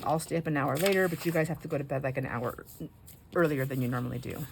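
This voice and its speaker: Low, gravelly-voiced woman chatting while crafting. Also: a little hiss or hum. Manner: rambling and chatty, with soft near-whispered asides. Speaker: craft vlogger and grandmother. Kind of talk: casual chat while crafting.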